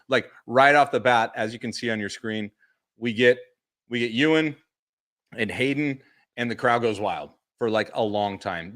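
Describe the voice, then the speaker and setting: Recapping stories from a convention, this male podcast co-host keeps things loose and chatty. When he quotes people, he performs the lines with dramatic jumps in his voice.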